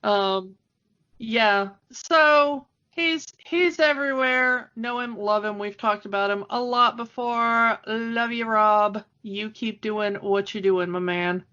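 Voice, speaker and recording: A woman co-hosts a podcast in loose, chatty conversation, laughing often between thoughts. Her voice sits a bit high. The audio is somewhat dull and lo-fi. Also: takes it slowly, sharp tone. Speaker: podcast co-host. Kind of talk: casual chat. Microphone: home microphone, remote call.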